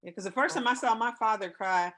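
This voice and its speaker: A woman in her fifties hosting a casual talk show, telling personal stories in an emotional, expressive way. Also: fairly high pitch, quick pace. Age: 50s. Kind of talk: casual chat.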